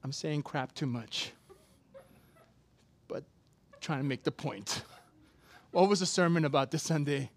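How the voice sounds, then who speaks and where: A man preaching a sermon, telling a personal story casually with sudden loud, emphatic bursts. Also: fairly high pitch, a little slow, pauses often. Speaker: pastor.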